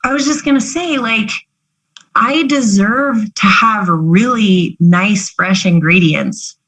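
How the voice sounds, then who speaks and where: A young woman, a guest on a podcast, talks about her own experience in a reflective, somewhat hesitant way. Her pitch sits in the middle, and she scatters "like" through her sentences. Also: slow, fairly bright tone, low-quality recording. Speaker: guest, coaching client. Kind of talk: conversational podcast interview.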